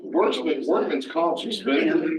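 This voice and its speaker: A man's voice: fairly high pitch, a little slow, crowd noise. A man in a workshop audience pressing a question, insistent and stumbling over his words. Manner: insistent, repeats himself, stumbles. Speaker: audience member. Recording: dull, distant, roomy audio with faint noise.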